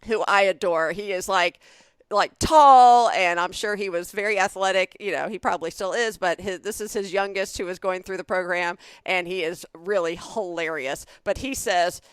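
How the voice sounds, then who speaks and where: A woman in her forties with a Southern US accent, co-hosting a podcast and telling a comic story in a lively way, acting out other people's lines. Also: medium pitch, moderate pace, clear, resonant tone, no room sound. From Southern United States. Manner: animated, acts out other people's voices in her stories. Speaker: podcast co-host. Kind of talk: casual comedic storytelling.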